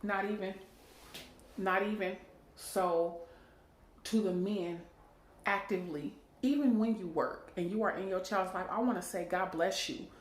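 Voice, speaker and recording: A woman's voice: fairly low pitch, measured pace. A worn-out woman venting to her viewers, preachy and emphatic, repeating herself and tagging lines with "okay?". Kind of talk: emotional personal vent. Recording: echoey room.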